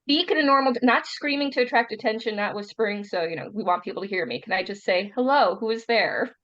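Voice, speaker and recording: A woman's voice: mid-range voice, animated, fast talker, a bit bright, no room sound. A woman guest playing in a tabletop game, speaking in a dry, wry way. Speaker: guest player. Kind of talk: casual tabletop play. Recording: dull, dry remote mic.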